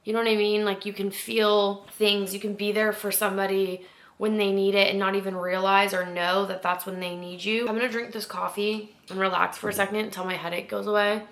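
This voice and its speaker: A woman's voice: mid-range voice, level tone, fairly quick, fairly bright tone. A young woman vlogging casually at home, chatty and rambling with lots of "like". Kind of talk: casual vlog chat.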